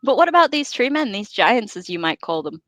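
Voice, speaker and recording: A woman's voice: on the high side, sing-song, fairly quick, a bit bright, no room sound. A woman reading the lines of a stubborn, earnest male hobbit gardener in a storybook read-aloud. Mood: insistent. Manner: insistent, earnest.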